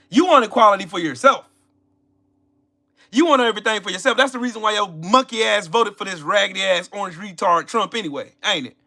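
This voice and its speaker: A man hosting a live stream, loudly taunting his viewers, mocking them in put-on voices and repeating himself. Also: high-pitched. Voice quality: loud, confrontational, mocking. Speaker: livestream host. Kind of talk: live-stream political rant.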